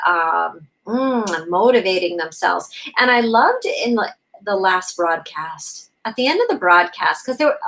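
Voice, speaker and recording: A woman co-hosting a casual spiritual chat, talking in a gentle, encouraging way and often asking "right?". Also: a little high, rough recording. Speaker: co-host.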